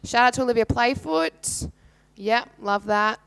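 A young woman, co-hosting a camp radio show and reading shout-outs in an upbeat, friendly way. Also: on the high side, measured pace, vocal fry, clean tone, no echo. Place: small camp radio studio.

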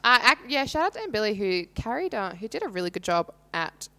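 A young woman, co-hosting a camp radio show and reading shout-outs in an upbeat, friendly way. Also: mid-range voice, big pitch swings, fast. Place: small camp radio studio.

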